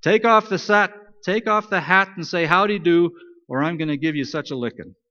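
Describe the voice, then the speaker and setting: Man doing a hot-headed cocky rabbit, loud and indignant, high-pitched, dull sound in a big echoing hall. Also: normal speed. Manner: shouting, indignant.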